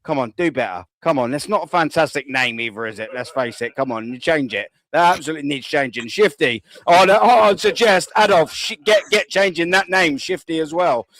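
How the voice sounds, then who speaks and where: A rowdy man hosts a live stream, swearing cheerfully as he fires off shout-outs. His voice sits a little high for a man, and it comes through close and dry with no room echo. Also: a little fast, few pauses. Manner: loud and boisterous, swearing freely. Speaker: host of a live fan show.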